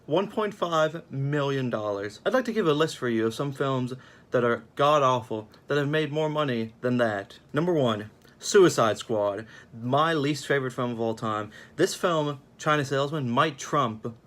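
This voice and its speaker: Young guy ranting about a bad movie, sarcastic and rambly, mid pitch. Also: moderate pace, fairly bright tone. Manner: sarcastic, rambling, uneven pace. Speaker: film reviewer. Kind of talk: casual video review.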